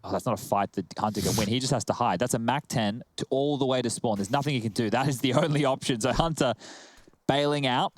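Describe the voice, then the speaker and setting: A man with an Australian accent calling a competitive shooter match, mixing fast play-by-play with joking banter. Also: mid-range voice, no room sound. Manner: joking banter between calls. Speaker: esports caster. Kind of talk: play-by-play commentary.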